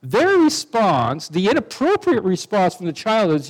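Male preacher, fairly high voice, animated, chatty sermon with asides. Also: a little slow, few pauses, low-quality recording. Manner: conversational, with asides and restarts.

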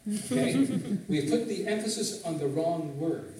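A man's voice: on the high side, lively intonation, moderate pace, dark tone. A man preaching a sermon as pastor, teaching and asking the congregation frequent questions. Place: church sanctuary, in Canada. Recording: very echoey hall, voice from a distance.

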